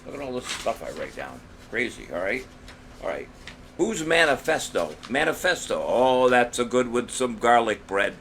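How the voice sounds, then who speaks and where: A man hosting a casual trivia show, cracking corny jokes, rambling between questions and reading each question out slowly. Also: medium pitch, animated, gravelly, fairly bright tone, a little hiss or hum. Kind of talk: casual live-stream quiz hosting.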